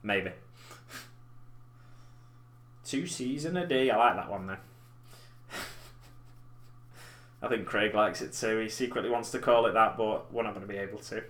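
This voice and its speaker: Man, 30s, live-stream host; bright tone, chatty and self-deprecating. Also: fairly low pitch, unhurried, pauses often. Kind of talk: casual chat while painting miniatures. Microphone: desk mic in front of keyboard.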